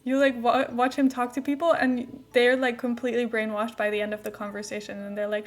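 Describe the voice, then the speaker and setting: A woman's voice: fairly high pitch, little pitch movement, a little fast, hardly any pauses, soft background music. A young woman streamer chatting casually while playing a game, rambling with lots of "like" fillers and light laughs.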